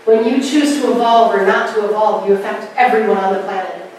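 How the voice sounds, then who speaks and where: A woman's voice: medium pitch, brisk, a little mellow, slight background noise. A middle-aged woman giving a spiritual talk to a live audience, telling stories and acting out the voices she quotes. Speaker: presenter. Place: presentation hall. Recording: very echoey hall, mic at a distance.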